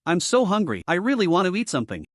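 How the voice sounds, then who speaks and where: A man's voice: high voice, wildly swooping pitch, quick pace, no room sound, studio quality, pitched above the performer's own voice, heavily acted. A man voicing a reincarnated man now living as a little panda, speaking with eager wonder. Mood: curious.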